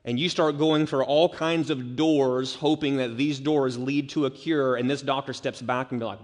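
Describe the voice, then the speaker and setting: A man's voice: mid-range voice, steady tone, moderate pace, few pauses. A male pastor preaching an expository sermon, stressing key words by repeating them. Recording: long reverb of a large hall.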